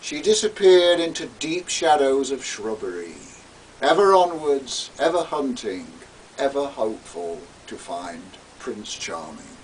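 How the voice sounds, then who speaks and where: A man's voice: mid-range voice, sing-song, a little slow. A man, an author, narrating his own story in a theatrical, relishing way. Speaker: author reading his novel. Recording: distant mic with faint hiss.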